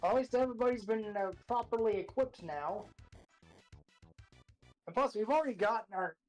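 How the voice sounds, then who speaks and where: A woman's voice: fairly high pitch, normal speed, darkish tone, faint music behind, poor audio. A woman streaming a game, chatting casually and reading the dialogue aloud. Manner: reads game dialogue aloud, laughs often. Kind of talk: casual gameplay chat.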